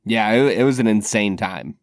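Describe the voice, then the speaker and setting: A man's voice: on the low side, normal speed, dry recording, studio quality. A man co-hosting a casual podcast, trading laid-back, joking banter. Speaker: podcast co-host.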